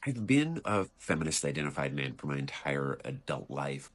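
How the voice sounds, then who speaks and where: A man's voice: rumbling low, sing-song, moderate pace. A middle-aged man telling a personal story in an earnest, confessional way.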